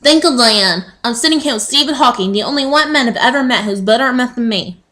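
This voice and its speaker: A brisk cartoon news anchor lady, as a woman does an impression of her. She reads her lines in a clipped, quick, businesslike news cadence. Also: fairly high pitch, expressive, bright, forceful tone.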